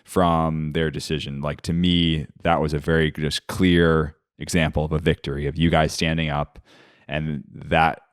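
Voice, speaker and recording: A man's voice: rumbling low, normal speed, clean tone, dry recording, studio quality. A man hosting a podcast interview, talking in a supportive, enthusiastic way. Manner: enthusiastic, supportive, animated when recalling. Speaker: podcast host.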